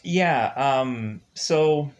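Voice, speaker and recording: Slow, rambling man reviewing a film. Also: medium pitch, lively intonation. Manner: rambling, leans on filler words and restarts. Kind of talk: casual spoken movie review, retelling the plot.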